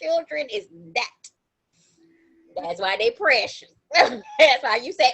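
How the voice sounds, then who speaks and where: High, lively woman chatting on a podcast. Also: slow, pauses often, breathy edge, low-quality recording. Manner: animated storytelling with slangy, emphatic repetition. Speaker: podcast co-host. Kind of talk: casual chat.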